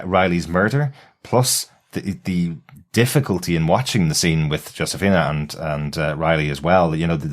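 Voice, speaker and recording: Man, very low voice, relaxed podcast banter, laughs easily. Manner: chatty, laughs often, restarts thoughts. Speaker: podcast co-host. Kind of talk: casual chat.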